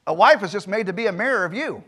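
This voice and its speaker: A male pastor preaching a sermon in a church, emphatic, firing rhetorical questions and swinging between loud and soft delivery. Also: high-pitched, lively intonation, quick pace, breathy edge. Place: church sanctuary.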